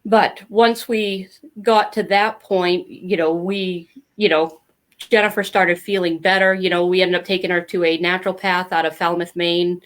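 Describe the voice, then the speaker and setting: A woman's voice: on the low side, fairly even intonation, normal speed. Woman, middle-aged, podcast guest, candid storytelling, lots of fillers. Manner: candid, talkative, many fillers. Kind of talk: casual interview storytelling.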